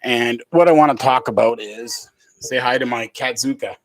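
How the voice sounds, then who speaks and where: A man's voice: medium pitch, normal speed, no room sound. A man from Canada hosting a casual home livestream podcast, rambling with many fillers and restarts and getting heated. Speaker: podcast host. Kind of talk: casual solo livestream talk. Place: home room.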